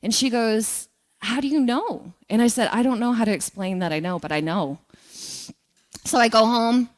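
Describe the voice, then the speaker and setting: A woman giving a spiritual talk to a congregation, telling lively personal stories and asking the audience questions. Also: on the high side, moderate pace. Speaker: guest speaker.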